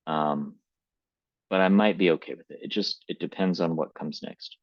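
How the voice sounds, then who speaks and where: Very deep-voiced man critiquing a manuscript. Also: fairly even intonation, no room sound, dull audio. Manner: thinks aloud, tentative and measured. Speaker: writing coach. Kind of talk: live manuscript critique, reading aloud and commenting.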